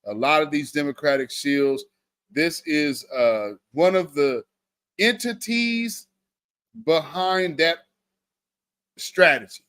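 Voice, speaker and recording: A man's voice: a little high, slow, long pauses, a bit bright, no room sound. A man hosting a livestream, talking to his viewers with an emphatic, preacherly cadence. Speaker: livestream host. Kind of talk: livestream commentary.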